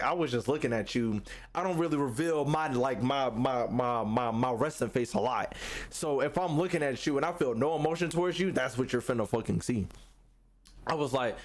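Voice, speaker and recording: A young man streamer telling a profane story to his chat, acting out the other people's lines. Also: mid-range voice. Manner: animated, profane, acts out quotes. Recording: faint music behind.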